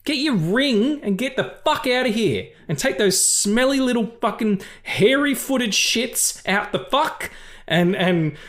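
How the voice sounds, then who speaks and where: A man's voice: very high-pitched, expressive, unhurried, a bit bright, voice pushed up, exaggerated voice. A man voicing a fed-up, foul-mouthed male elf lord in an exasperated, profane rant. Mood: irritated rant.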